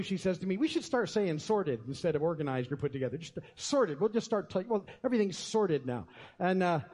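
High-voiced pastor in a church hall. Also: male voice, mellow. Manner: conversational, folksy, with many fillers and restarts. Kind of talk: sermon. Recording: long reverb of a church hall.

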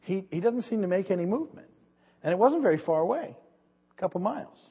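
A man delivers a rambling sermon in a slightly husky voice, pitched a little high for a man, often stumbling over and repeating his words. His voice rings out in a big reverberant hall. The recording is dull and lo-fi. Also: sing-song, fast. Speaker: pastor.

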